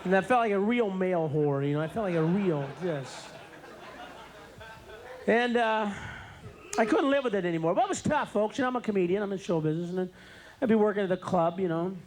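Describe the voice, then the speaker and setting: A man doing a stand-up comedy routine in a club, talking loud and breaking into sudden screaming outbursts. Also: sits high, animated, a little fast, pauses often. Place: comedy club stage with live audience. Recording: noisy live club recording.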